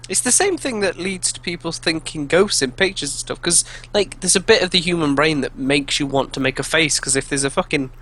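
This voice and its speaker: A young man talking casually with friends on a podcast, his voice sitting a touch high. He rambles, restarts sentences and breaks into laughter as he goes. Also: brisk, few pauses, bright, forceful tone. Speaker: podcast co-host. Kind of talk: casual chat among friends.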